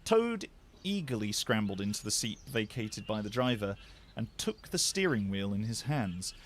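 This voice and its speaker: A male voice actor reading a bedtime story aloud, expressive and animated. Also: medium pitch, a little hiss or hum. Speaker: voice actor, narrator.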